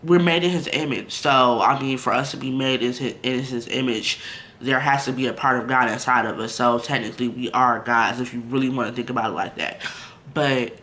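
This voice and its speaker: Man, casual vlogger, candid, blunt, bright tone, mid pitch, chatty fillers. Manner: candid and blunt, lots of "like" and "you know"; relaxed, conversational, addresses viewers directly. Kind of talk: casual vlog talk to camera.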